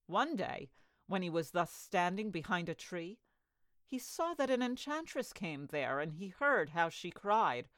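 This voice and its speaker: A woman reading a fairy tale aloud as a storyteller, with an expressive storybook delivery. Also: fairly low pitch, unhurried, no echo.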